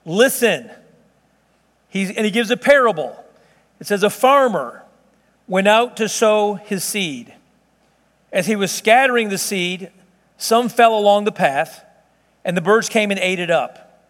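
A man's voice: high-pitched, animated, unhurried, pauses often, fairly bright tone, in a large hall. A man preaching a sermon as a pastor, in a folksy, chatty way with asides and restarts.

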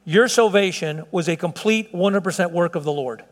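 Brief: middle-aged male pastor, high-pitched, earnest and chatty, church hall with long echo. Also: moderate pace. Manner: earnest, conversational preaching with frequent restarts and chuckles. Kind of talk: sermon.

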